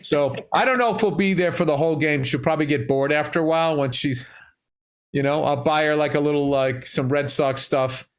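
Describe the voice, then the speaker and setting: A middle-aged man from Massachusetts, co-hosting a podcast and telling sports stories in a loose, profane, animated way. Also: fairly high pitch, brisk. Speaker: podcast co-host. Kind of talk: casual chat.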